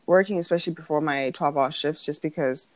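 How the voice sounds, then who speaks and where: A woman's voice: low-pitched, fast, no echo. Woman telling a story in a dry room. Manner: animated storytelling, acts out quoted voices, laughs often. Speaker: podcast co-host. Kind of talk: casual chat.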